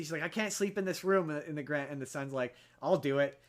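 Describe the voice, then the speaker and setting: Talking at a quick pace, a male podcast host casually retells a film plot. He rambles and keeps restarting, shifting into high voices to quote the characters.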